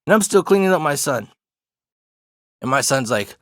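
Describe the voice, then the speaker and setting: A man's voice: a little high, very animated, moderate pace, pauses often, dry recording, studio quality. A young adult man casually telling a funny story, swearing a lot and often laughing. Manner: profane, laid-back, laughs often.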